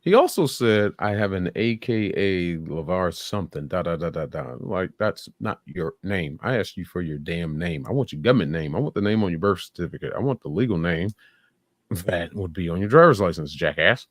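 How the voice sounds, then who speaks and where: A man's voice: deep voice, expressive, moderate pace, dry recording, studio quality. A man giving blunt, sarcastic live reaction commentary, swearing freely. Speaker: streamer reacting to videos.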